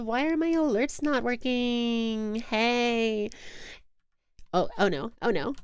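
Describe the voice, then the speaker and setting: A woman's voice: fairly high pitch, slow, clean tone, no room sound. A young woman streaming a game, chatting casually in a giggly, self-mocking way into a close mic. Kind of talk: casual live-stream chat.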